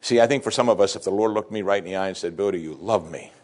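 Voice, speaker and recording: A middle-aged man preaching a sermon, acting out scripture dialogue with big swings in his voice. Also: rapid-fire. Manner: expressive preaching, acting out scripture dialogue with sweeping pitch shifts. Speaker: pastor.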